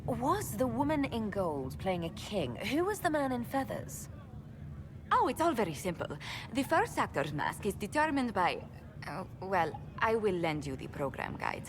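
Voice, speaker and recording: A woman's voice: medium pitch, big pitch swings, unhurried, noisy background. An actress voicing a refined, polite noblewoman diplomat in a fantasy video game, speaking formally and graciously. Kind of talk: video game character dialogue.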